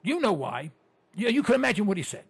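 A man's voice: high voice, very animated, quick pace, vocal fry, breathy edge. A man in his sixties, a broadcaster talking to his listeners in a chatty monologue, telling stories and asking rhetorical questions with lots of repeated words. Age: 60s. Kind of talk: conversational monologue with anecdotes.

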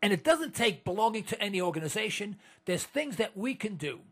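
An older man delivers an indignant, rambling monologue, stumbling and restarting his sentences as he goes. His voice sits high and leaps around a lot. It has a husky, gravelly texture. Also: big pitch swings, a little fast. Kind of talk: monologue to listeners.

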